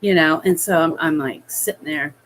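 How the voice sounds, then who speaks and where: A woman telling a personal childhood story in a hesitant, halting way, full of fillers. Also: deep voice, a little hiss or hum, rough recording. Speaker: vlogger.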